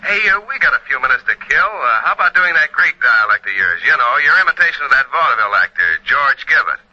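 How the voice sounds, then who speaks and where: An actor playing an easygoing studio engineer in a scripted radio sketch, on a dull old radio recording. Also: male voice, mid-range voice, very animated, fast, pushed and bright, full character voice. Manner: easygoing, laughs along.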